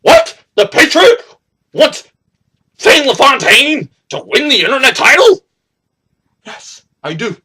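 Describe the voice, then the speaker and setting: A young man delivers a boastful, taunting wrestling promo. His voice sits very high and bright, and it swings up and down as he drags out his slow trash talk. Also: huge pitch swings.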